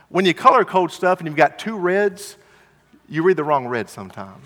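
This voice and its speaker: A man's voice: high-pitched, very animated, brisk, a bit bright, long reverb tail. A man preaching a sermon, earnest and repeating his phrases, reading scripture and acting out the people in it. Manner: earnest, repeats phrases, voices the Pharisees mockingly.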